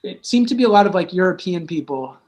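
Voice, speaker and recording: A man's voice: sits high, lively intonation, fast talker, darkish tone. A man, a guest musician and DJ, telling stories in a casual, rambling chat full of fillers.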